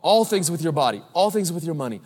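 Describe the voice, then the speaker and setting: A man in his thirties preaching a sermon as pastor, animated, telling stories and calling out to the congregation. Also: on the high side, fast, slightly rough. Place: large church. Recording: live church hall with long reverb.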